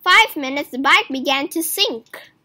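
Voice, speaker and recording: A woman reading a children's storybook aloud, her voice high and bright. She tells it at a slow, unhurried pace with lively, sing-song swoops in pitch. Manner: expressive storytelling with character voices. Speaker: reader. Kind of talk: children's book read aloud.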